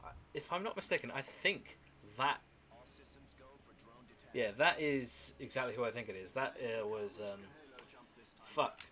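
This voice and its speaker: A man hosting a game stream, chatting in a halting, casual way about the cutscenes. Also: mid-range voice, bright, forceful tone. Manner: chatty and halting, laughs often. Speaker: streamer host.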